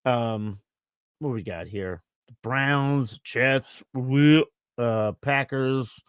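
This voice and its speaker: A man's voice: medium pitch, very slow, clear, resonant tone, no echo. Laid-back guy chatting fantasy football, dry close sound, mid voice. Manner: easygoing, thinks aloud with fillers. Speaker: fantasy football show co-host. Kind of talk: casual live-stream chat reading viewer questions.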